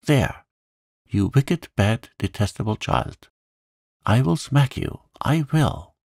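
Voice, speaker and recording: A man's voice: deep voice, very animated, unhurried, vocal fry, darkish tone, husky, no echo, clean studio sound, exaggerated voice. A man voicing a plump, helpless woman fretting over a crying child in a storybook reading. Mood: flustered. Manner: flustered and pleading.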